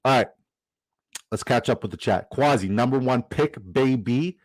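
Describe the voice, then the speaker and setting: A man's voice: mid-range voice, normal speed, dry recording, rough recording. Chatty guy hosting a live stream, upbeat and jokey, dry close mic. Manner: upbeat, jokey, reads chat aloud. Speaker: fantasy football livestream host. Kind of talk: casual livestream chat.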